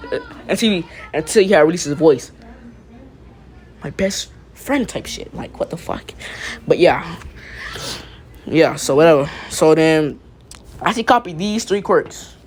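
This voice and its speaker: A young man casually spinning a fan-made story off the cuff. He stammers and restarts often, piles on profane slang and chuckles at his own asides, and his pitch sits squarely in the middle. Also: a little hiss or hum. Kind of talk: casual fan-fiction retelling.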